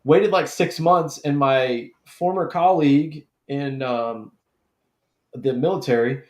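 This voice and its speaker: In an echoey room, a man with a slightly high voice takes his time hosting a live draft stream. He tells stories in a chatty, laid-back, casual way, swearing along the way.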